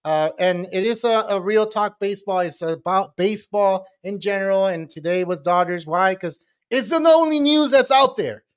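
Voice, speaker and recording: A man's voice: high voice, moderate pace, hardly any pauses, smooth. A man co-hosting a baseball podcast in loose, rambling casual chat, laughing often. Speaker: podcast co-host.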